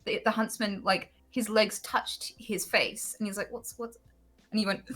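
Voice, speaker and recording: A woman in her thirties, a guest streamer on a call, telling stories in lively, animated chat. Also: medium pitch, unhurried, husky. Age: 30s. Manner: animated storyteller, acts out reactions.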